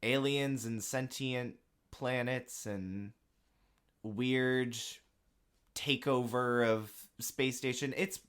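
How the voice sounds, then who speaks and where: A man's voice: medium pitch, steady tone, very slow, a bit bright, clear, resonant tone. A young adult man co-hosting a podcast, chatting loosely with many fillers. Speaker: podcast co-host. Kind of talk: casual chat.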